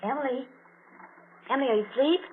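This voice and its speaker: An actress playing a sweet, excitable young fiancée who frightens easily, breathless and gushing, in 1940s radio drama style. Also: female voice, high-pitched, quick pace, phone-quality sound, lightly acted. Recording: scratchy 1940s radio broadcast.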